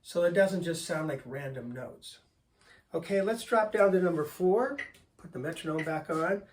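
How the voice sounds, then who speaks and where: An older man teaching drums, calmly explaining time signatures and counting beats aloud. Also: a little high, normal speed. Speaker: drum teacher. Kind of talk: instructional explanation. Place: drum studio. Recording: voice a bit far from the mic, faint noise.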